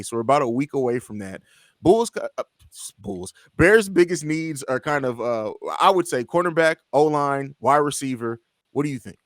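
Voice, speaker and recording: Male co-host, mid-pitched, relaxed and hesitant, casual sports talk. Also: dry recording, studio quality. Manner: easygoing, many "uh" and "um" fillers, asks questions.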